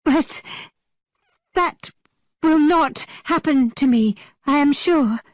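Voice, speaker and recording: A woman voicing an excitable, nervous young woman with a high, trembling voice. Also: unhurried, no echo, studio quality.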